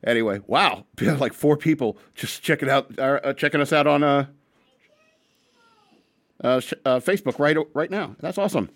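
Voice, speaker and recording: A man's voice: mid-range voice, moderate pace, fairly bright tone, no echo. A man hosting a casual radio talk show from a small studio, rambling and joking crudely. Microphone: studio mic.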